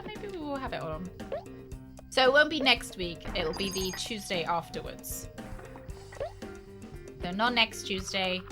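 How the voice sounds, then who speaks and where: Chatty woman streaming over game music. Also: medium pitch. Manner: chatty, answers chat while playing. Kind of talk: casual live-stream gaming chat.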